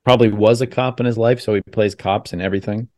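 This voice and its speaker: A man's voice: lowish voice, fairly even intonation, fast talker, a little mellow, dry recording, studio quality. A male podcast host chatting casually over a video call, rambling and correcting himself as he talks.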